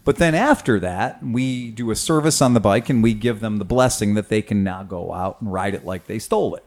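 A man's voice: on the low side, fairly quick, a little mellow. A man hosting a casual podcast, a motorcycle mechanic who swears freely while patiently explaining tech questions step by step.

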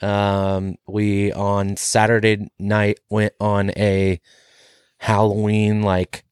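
A man's voice: lowish voice, completely flat delivery, extremely slow, darkish tone, clean tone, dry recording, clean studio sound. A man co-hosting a podcast in casual chat, laughing easily and restarting his sentences. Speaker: podcast co-host.

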